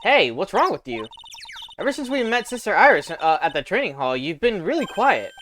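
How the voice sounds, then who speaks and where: A woman's voice: medium pitch, big pitch swings, normal speed, fairly bright tone, slight background noise. A woman voicing a chatty young medium. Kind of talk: voicing game dialogue live.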